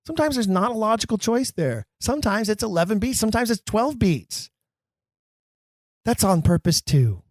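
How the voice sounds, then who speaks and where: A man hosting a podcast, teaching Shakespeare acting with emphatic delivery that drops low and slow for dramatic lines. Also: sing-song, no echo. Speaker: podcast host.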